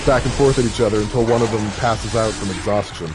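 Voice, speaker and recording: A man's voice: mid-range voice, steady tone, fast. Rambling, joking male streamer. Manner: rambling, joking, many fillers. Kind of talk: casual gameplay chat. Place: home streaming setup. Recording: game audio noise underneath.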